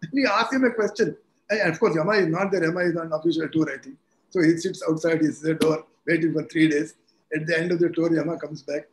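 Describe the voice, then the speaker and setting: A man around eighty, a retired judge answering interview questions in a measured, explanatory way and telling old stories with energy. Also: fairly high pitch, fairly even intonation. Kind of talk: conversational interview, storytelling. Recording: echoey room with faint background noise.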